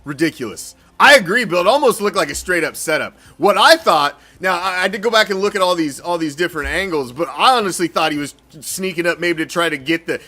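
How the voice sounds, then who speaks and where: A man's voice: on the high side, bright, forceful tone. A man hosting a sports fan show, ranting heatedly and swearing in an exasperated way. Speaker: sports podcast host. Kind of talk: profane fan reaction rant.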